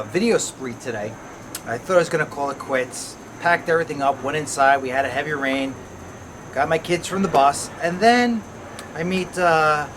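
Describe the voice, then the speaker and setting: A man's voice: medium pitch, noisy background. A man in his thirties hosting a casual backyard vlog about fig trees, chatty and telling stories with quoted voices. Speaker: fig-growing channel host. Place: outdoors in a backyard garden.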